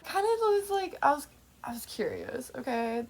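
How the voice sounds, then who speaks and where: A woman's voice: on the high side, sing-song, a little fast. A woman in her twenties talking to camera in a rambling, tangent-filled monologue, swearing freely. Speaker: vlogger.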